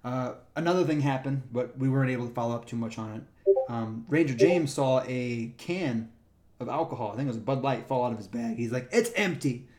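A man's voice: mid-range voice, fairly quick. A man who works as a park ranger, casually telling stories from the job and acting out the people in them. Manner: animated retelling, acts out the people in his stories. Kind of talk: casual storytelling chat.

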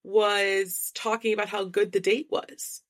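A woman's voice: medium pitch, little pitch movement, a little slow. A woman co-hosting a podcast, chatting casually and gossipy, with lots of filler words. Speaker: podcast co-host. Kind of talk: casual recap chat.

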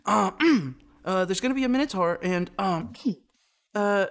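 A man voicing an eager, fumbling male TV writer pitching an idea, hesitant and clearing his throat. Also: lively intonation, unhurried, fairly bright tone, exaggerated voice.

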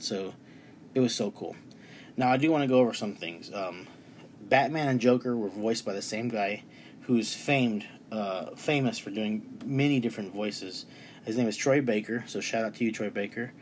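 An enthusiastic man in his thirties gushes about a film he loved in a casual, rambling way, restarting his sentences as his emotion builds. His voice sits fairly low. Faint room ambience hums behind him. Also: slight background noise. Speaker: movie reviewer. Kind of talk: casual movie review. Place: bedroom.

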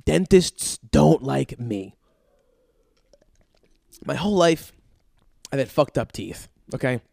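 A man's voice: mid-range voice, sing-song, takes it slowly, creaky, a little mellow, dry recording, studio quality. A man in his thirties doing a profane, rambling comedic rant and jumping into other people's voices. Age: 30s. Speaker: stand-up comedian.

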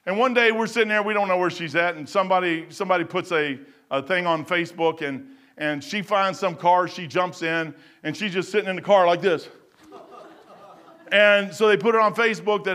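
A man preaching a casual sermon, rambling and folksy as he tells stories and reads scripture slowly. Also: high-pitched. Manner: reads scripture slowly, then trails off quietly.

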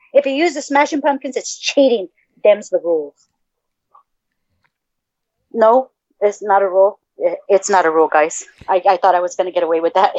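This El Paso, Texas woman co-hosts a podcast, chatting casually, swearing freely and bursting into mock outrage. Her voice is medium in pitch and slightly mellow. The lo-fi recording has no room sound.

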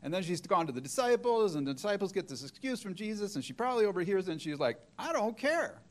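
A middle-aged male preacher delivers a sermon with a voice a touch higher than most men's. He tells the story step by step and slips into the voices of the people he quotes. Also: sing-song, fast.

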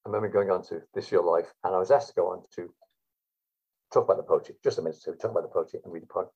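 A man's voice: low-pitched, rapid-fire, darkish tone, breathy edge. A man telling stories as a guest in a rambling, hesitant way. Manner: rambling, hesitant, many fillers. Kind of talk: anecdotal storytelling. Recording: dull lo-fi recording.

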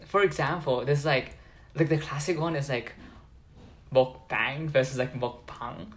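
A man's voice: on the high side, a little fast, a little hiss or hum. A young man chatting casually on a podcast, rambling with lots of filler words. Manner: rambling, heavy use of filler "like". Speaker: podcast co-host. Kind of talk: casual chat.

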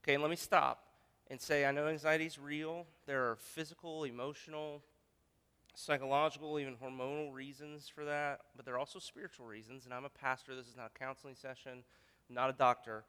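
A man's voice: mid-range voice, flat delivery, a little fast, bright, forceful tone, smooth. A male pastor preaching a sermon, earnest and thinking aloud with frequent restarts. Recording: long hall reverb.

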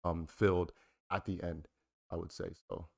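A man with a very low voice talks casually with his friends, earnest one moment and swearing the next. He leans on fillers as he works through his points. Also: flat delivery, moderate pace, creaky, no room sound, studio quality. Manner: earnest, filler-heavy, swears freely when joking. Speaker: streamer and podcast co-host. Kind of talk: casual banter.

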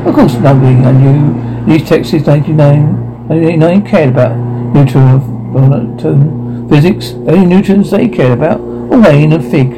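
A man voicing a grown-up genius who narrates his childhood in a wry, deadpan way. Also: a little high, a little slow, gravelly, over music, rough recording. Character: grown-up genius man looking back, dry and self-assured.

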